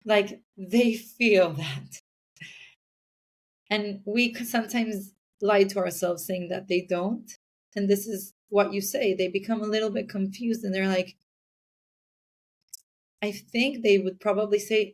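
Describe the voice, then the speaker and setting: A woman's voice: mid-range voice, steady tone, slow. Earnest woman talking parenting. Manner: earnest, acts out little scenes in other voices. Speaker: parenting guest. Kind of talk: casual podcast chat.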